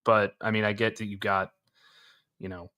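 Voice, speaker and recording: A man's voice: on the low side, flat delivery, normal speed, sharp tone. A man co-hosting a sports talk show, giving strong opinions in a casual, hesitant way with frequent restarts. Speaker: sports radio co-host.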